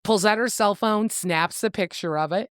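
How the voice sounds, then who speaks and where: A woman's voice: medium pitch, normal speed, clear, resonant tone, no echo, clean studio sound. A woman co-hosting a book podcast, casually retelling a novel's plot in a playful, swearing, storytelling way.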